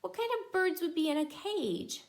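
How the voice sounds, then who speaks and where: A woman's voice: very high-pitched, animated, moderate pace. A young woman reading a picture book aloud to young children as a teacher, in a sing-song way, stopping to explain words and make bird calls.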